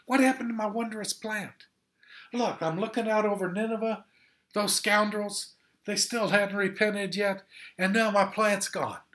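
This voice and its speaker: A man voicing the prophet Jonah as a sulking, indignant grown man complaining loudly. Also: high voice, fairly even intonation, unhurried, pitched above the performer's own voice.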